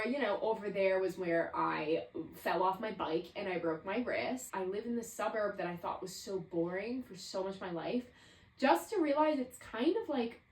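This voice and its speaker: In her twenties, this woman hosts a solo podcast, musing and rambling while leaning heavily on "like." Her medium-pitched voice has a darkish tone, and the rough recording sounds roomy, with the mic set at a distance.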